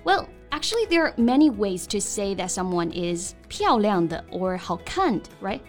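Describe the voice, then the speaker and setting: A woman's voice: mid-range voice, very animated, normal speed. A woman co-hosting a bilingual English lesson, chatting and laughing often, switching between languages. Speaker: co-host teaching English. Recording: soft music behind.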